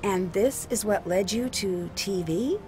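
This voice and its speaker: A woman's voice: mid-range voice, unhurried, over music, natural voice. An actress voicing an earnest young female amateur detective in a mystery video game, asking questions in a curious, direct way.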